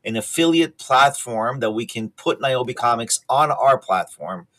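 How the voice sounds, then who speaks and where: A man's voice: mid-range voice, lively intonation, a little slow, fairly bright tone. A man hosting a podcast over a video call, chatting casually and enthusiastically plugging his guest while sounding overworked. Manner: enthusiastic, rambling, promotional. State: tired, overworked. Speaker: podcast host.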